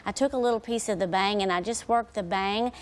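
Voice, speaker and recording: A woman's voice: medium pitch, fairly quick. A woman hairstylist guest on a daytime TV show, explaining casually with lots of "you know" and "kinda", heard from worn old videotape. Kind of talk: TV guest demonstration.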